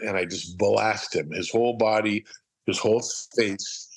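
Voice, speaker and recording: This is a middle-aged man from Southern California, a guest on a podcast, casually telling rambling anecdotes full of profanity and performing the quotes himself. He speaks at a moderate pace in a lowish voice with a breathy edge, and the audio quality is poor.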